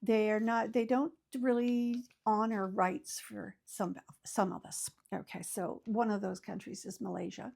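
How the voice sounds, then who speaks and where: A woman's voice: mid-range voice, level tone, unhurried, gravelly, hardly any pauses, a little mellow. An older woman, host of her own channel, giving casual, folksy advice to camera with many fillers and restarts.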